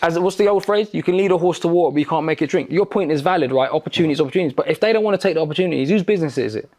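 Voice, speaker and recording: A man, a podcast guest, telling a story in casual talk, animated and swearing freely. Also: on the high side, very fast. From London. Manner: animated, swears freely, acts out quoted exchanges.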